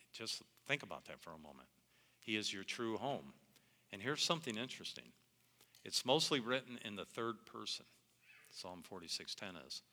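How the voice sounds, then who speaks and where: A middle-aged male preacher with a bright, forceful tone and a fairly low pitch. He talks to his listeners in an earnest, conversational way. His voice rings with the long reverb of a large hall. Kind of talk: sermon.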